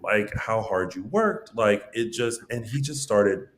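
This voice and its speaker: A young adult man co-hosting a podcast, telling stories in a casual, animated way with many restarts. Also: lowish voice, unhurried. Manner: animated storyteller, rambling with restarts. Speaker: podcast co-host. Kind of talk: casual chat.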